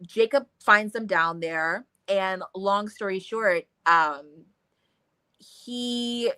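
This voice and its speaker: A woman co-hosting a casual book discussion, talking in an animated way, swearing freely and acting out scenes in quotes. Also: medium pitch, very slow, clear, resonant tone, no echo. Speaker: book club co-host.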